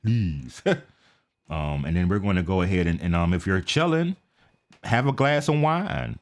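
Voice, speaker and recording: An American man giving casual, talkative commentary on a live stream. He keeps checking in with "okay?" and mutters quietly to himself while he sets things up. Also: deep voice, animated, unhurried. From United States. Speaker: reaction video streamer.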